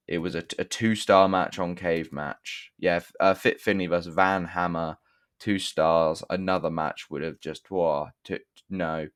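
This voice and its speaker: A young man with a deep, low voice. He talks through a wrestling show in a rambling way, swearing casually and often breaking off to correct himself. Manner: rambling, profane, self-correcting with restarts. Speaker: wrestling reviewer. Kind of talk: casual spoken review.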